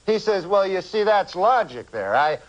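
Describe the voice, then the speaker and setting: Man, deadpan comic storyteller, halting delivery, slightly high voice, dull lo-fi sound. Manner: deadpan, halting with many uhs. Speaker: comedian guest. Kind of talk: deadpan rambling anecdote.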